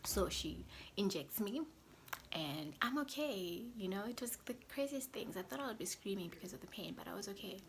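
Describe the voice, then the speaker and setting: A young woman vlogger telling a personal story in a chatty way, often dropping to a soft whisper. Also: medium pitch, lively intonation, moderate pace, a little hiss or hum. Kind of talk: casual storytelling to camera.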